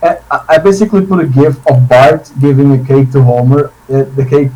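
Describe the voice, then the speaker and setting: A man chatting casually on a podcast, excitable and rambling, with many restarts and tangents. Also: mid-range voice, a little fast, rough recording. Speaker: podcast co-host.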